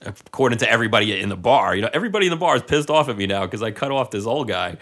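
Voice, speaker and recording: A man co-hosting a casual talk show, quickly and indignantly telling a story about cutting off a drunk customer at a bar. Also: lively intonation, fairly bright tone. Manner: fast, indignant storyteller who jumps high when quoting himself. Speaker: podcast co-host.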